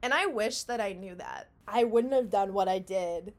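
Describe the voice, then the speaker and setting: A woman's voice: medium pitch, normal speed. A young adult woman co-hosting a podcast, telling a story in casual chat, frank and swearing freely. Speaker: podcast co-host.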